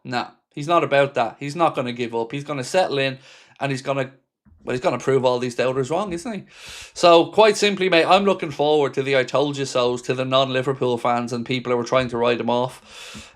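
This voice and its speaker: Guy running a fan livestream, chatty and animated, reads out chat comments and answers folks by name. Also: mid-range voice, brisk. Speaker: host of a fan live stream. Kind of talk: casual live-stream chat reading viewer comments.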